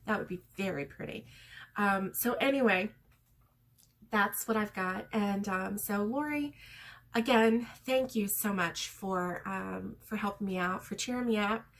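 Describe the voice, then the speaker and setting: A middle-aged woman chatting casually to her viewers as a crochet vlogger, rambling and heartfelt with many pauses and ums. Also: mid-range voice.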